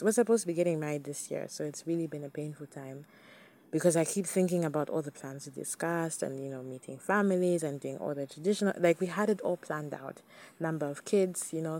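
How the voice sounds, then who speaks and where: A woman's voice: deep voice, mellow. A young woman hosting a podcast, talking candidly and chattily to her listeners. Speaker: podcast host. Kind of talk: casual solo podcast talk.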